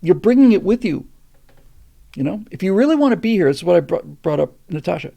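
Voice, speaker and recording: Gravelly older man, earnest host. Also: big pitch swings, quick pace, warm tone. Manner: earnest, builds to emphatic pitch on key points. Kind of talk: casual monologue answering a question.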